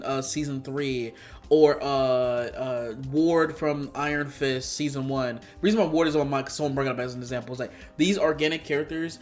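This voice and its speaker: A young man talks through his opinions in a casual vlog, rambling, exasperated and heavy on slang. His voice sits a little high for a man. Soft music plays faintly underneath. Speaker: YouTube commentator. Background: faint background music.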